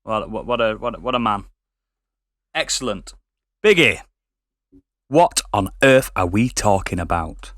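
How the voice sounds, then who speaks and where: A man co-hosting a podcast, chipping in with quick jokes. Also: on the low side, expressive, fairly bright tone, no room sound, studio quality. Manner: quick jokey interjections. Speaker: podcast co-host. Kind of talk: casual podcast chat.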